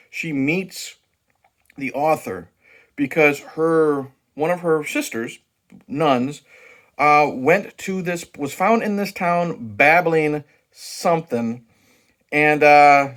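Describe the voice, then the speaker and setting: A man's voice: a little high, fairly bright tone. A man hosting his own movie review channel, talking casually and profanely with frequent restarts and fillers.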